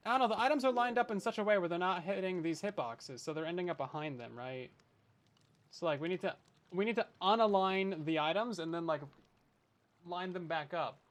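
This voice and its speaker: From a hot bedroom, a young Canadian streamer plays a survival game and chats casually with his audience, self-deprecating and jokey. His voice sits high and moves at a brisk pace.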